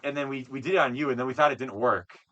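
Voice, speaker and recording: A man's voice: medium pitch, racing, pushed and bright, dull audio. A young man co-hosting a podcast, rambling through a story with lots of fillers and swearing. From Wisconsin. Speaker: podcast co-host. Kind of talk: casual chat.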